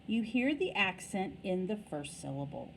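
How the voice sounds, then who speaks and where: An elementary school teacher with a mid-range, sing-song voice speaks at normal speed, recorded from a distance with slight background noise. Teaching young children phonics, she patiently asks questions and stretches out words in exaggerated pronunciation to demonstrate them.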